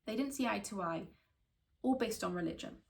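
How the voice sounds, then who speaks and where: A woman from Wales, a skin therapist telling candid stories in a podcast chat, animated and full of restarts. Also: mid-range voice, fairly quick, creaky. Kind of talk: casual storytelling in a podcast chat.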